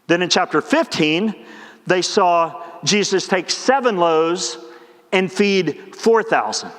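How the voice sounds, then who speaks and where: Male pastor, sermon, chatty delivery that acts out scenes, high-pitched, reverberant church sanctuary. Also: a bit bright. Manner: conversational preaching, acts out the disciples in quick asides. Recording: long church hall reverb.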